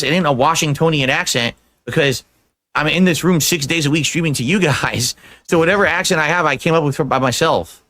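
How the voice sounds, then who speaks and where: Bright, cocky streamer man. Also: mid-range voice, no room sound. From Connecticut, USA. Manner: matter-of-fact, explaining, cocky. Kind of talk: casual streaming talk.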